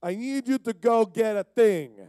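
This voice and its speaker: Man voicing Italian boss, Mario-like accent, raised pitch, dry close sound. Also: unhurried, mellow, smooth, dry recording. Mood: jolly, demanding. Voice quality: cartoonish, Mario-like. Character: jolly Italian immigrant male shop boss.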